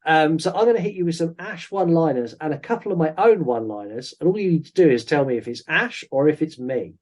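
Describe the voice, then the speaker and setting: Man, fairly high voice, rambling podcast host who quotes film lines. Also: lively intonation, quick pace. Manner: chatty, with many ums and quoted lines. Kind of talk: casual film review chat.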